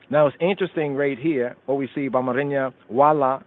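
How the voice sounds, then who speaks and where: A man's voice: mid-range voice, a little fast, few pauses. A man hosting a radio scripture study, reciting verses in Amharic and Hebrew and explaining them word by word. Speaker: radio show host teaching scripture. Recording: phone-line call-in radio sound.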